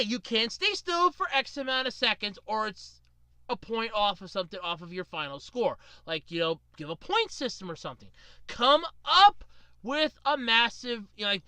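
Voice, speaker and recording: Solo podcast host, a woman; high and very lively voice, chatty, rambling storyteller. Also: no echo. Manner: animated, rambling, lots of fillers. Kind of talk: casual storytelling monologue.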